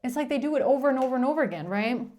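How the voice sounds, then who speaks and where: A high-pitched woman talks through a tarot reading in a loose, casual monologue. She is blunt and exasperated, swears without hesitation, and keeps circling back through restarts and fillers. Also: animated, racing, noisy background. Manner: rambling, with frequent restarts and filler "like". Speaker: tarot reader.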